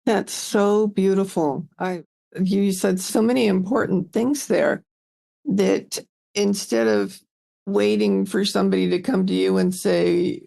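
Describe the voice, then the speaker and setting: Podcast host, super gravelly voice, dark mellow tone, earnest and affirming. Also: mid-range voice, fairly even intonation, unhurried. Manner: earnest, affirming, sums up the guest's points. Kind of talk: supportive interview talk.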